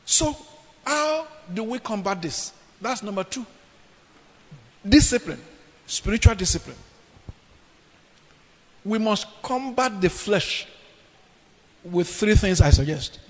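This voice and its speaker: A man's voice: high voice, animated, takes it slowly, pauses often. A man preaching a sermon, emphatic and dramatic in his scripture reading. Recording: long reverb of a hall.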